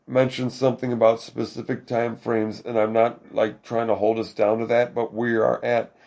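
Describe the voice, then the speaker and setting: A man's voice: mid-range voice, little pitch movement, moderate pace, creaky, a little mellow. A man co-hosting a podcast, trading crude jokes in casual banter. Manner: profane, wisecracking. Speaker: podcast co-host.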